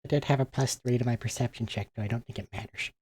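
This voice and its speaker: Man playing a tabletop game, dark voice. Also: medium pitch, fairly even intonation, fast, breathy edge, no room sound. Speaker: player. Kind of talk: casual chat.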